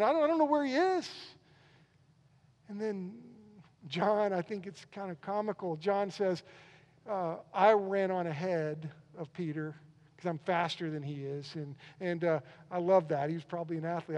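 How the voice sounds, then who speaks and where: A man preaching a sermon as pastor, animated and acting out the disciples' reactions, often with small repeated restarts. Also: high-pitched, big-room sound. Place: church.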